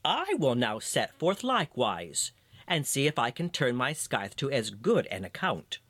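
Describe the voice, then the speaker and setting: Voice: mid-range voice, wildly swooping pitch, unhurried, fairly bright tone, breathy edge, dry recording, heavily acted. A storybook reader voicing an eager young man who sets out hopefully to seek his fortune.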